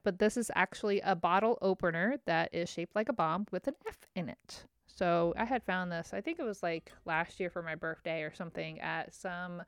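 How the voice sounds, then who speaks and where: A woman's voice: on the low side, clean tone, dry recording, studio quality. Chatty rambling woman podcast host. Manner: rambling, chatty, self-mocking. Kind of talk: casual chat.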